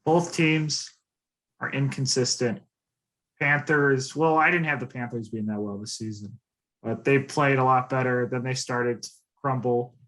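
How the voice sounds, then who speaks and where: A man's voice: mid-range voice, fairly even intonation, a little slow, fairly bright tone, rough recording. A man co-hosting a casual chat about football picks, talking loosely with lots of fillers and confident predictions. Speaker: co-host.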